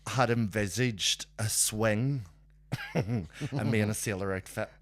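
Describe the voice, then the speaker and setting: A man, a guest on a casual podcast, telling stories in a lively, swearing way. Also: on the low side, takes it slowly, no room sound. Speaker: guest, drag performer.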